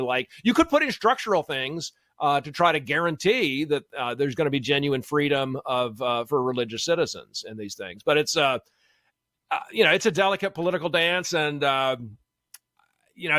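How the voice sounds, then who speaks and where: A man's voice: on the high side, pushed and bright, no room sound. A man, a law professor guest in a casual radio interview, thinking aloud with many fillers and restarts. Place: radio studio.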